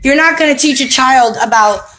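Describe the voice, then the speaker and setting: A woman's voice: high voice, moderate pace, pushed and bright, slight background noise, poor audio. A woman giving a casual spiritual talk to camera at home, preachy and streetwise, who keeps checking with "you know what I mean?". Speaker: spiritual vlogger. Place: home with children around.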